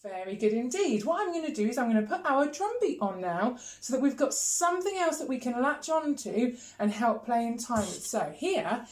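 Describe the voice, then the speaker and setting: A woman leads a video music lesson, counting in beats and sounding out rhythms in steady chants. Her voice sits fairly high for a woman. It carries the echo of a bare room. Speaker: music teacher. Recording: echoey room.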